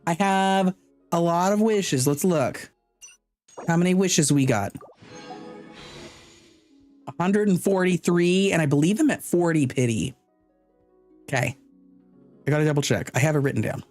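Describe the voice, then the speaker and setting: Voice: medium pitch, a little slow, pauses often, a little mellow, soft background music. A chatty streamer thinking aloud over gameplay. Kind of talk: live gameplay commentary.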